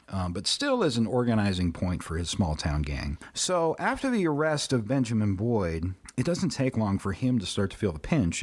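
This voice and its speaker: Husky low guy on a podcast, telling a history story all animated and chatty. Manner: animated, chatty, with asides and restarts. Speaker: podcast guest. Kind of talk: casual storytelling recap. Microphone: podcast mic on a video call.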